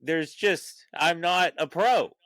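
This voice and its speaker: On a podcast, a comedian guest tells a funny story in a slightly high, somewhat bright voice, taking his time. He talks casually, swears, and acts out the voices of the people he quotes, with no echo in the recording.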